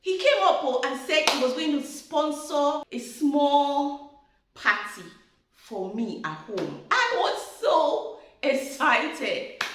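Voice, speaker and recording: A high-voiced woman tells her marriage story in a lively, sing-song way, laughing as she goes. She sounds chatty and warm to her listeners. Her voice rings out in a very echoey room. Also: slow, a little hiss or hum. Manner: animated, chatty storyteller who laughs often. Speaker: marriage advice speaker. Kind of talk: storytelling advice talk.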